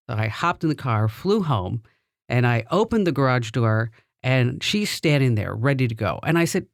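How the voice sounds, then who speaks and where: A woman's voice: a bass voice, animated, normal speed, no echo, studio quality. A middle-aged woman hosting a podcast, telling personal stories in a chatty way and laughing between lines. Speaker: podcast host.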